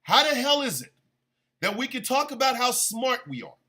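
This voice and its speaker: A man's voice: very high voice, sing-song, moderate pace, pushed and bright, husky. A man hosting a stream radio show, delivering a heated, profane and sarcastic political rant.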